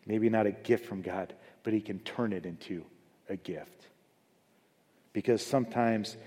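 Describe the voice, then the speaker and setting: Pastor preaching in a reverberant hall. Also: male voice. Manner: rises loud and high for emphasis, then drops low and soft. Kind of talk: sermon.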